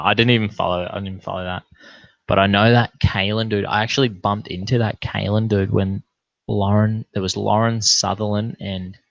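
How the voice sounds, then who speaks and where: A low, gravelly voice from a young Australian man who rambles through a late-night livestream, laid-back and swearing freely. The sound is dry and close, with a dull, lo-fi stream quality. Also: fairly bright tone, no room sound.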